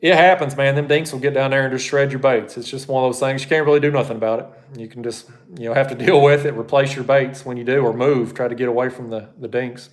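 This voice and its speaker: A man works through viewer questions on a live stream. He talks bluntly and folksily, wandering off on asides. His voice sits at an ordinary middle pitch. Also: steady tone, fast, hardly any pauses. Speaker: fishing channel host.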